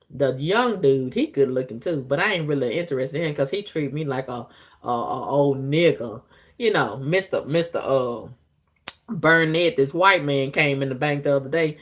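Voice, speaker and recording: A woman talking frankly to her viewers in a casual, profane monologue, breaking into loud squealing outbursts. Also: low voice. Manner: frank, profane, conversational drawl.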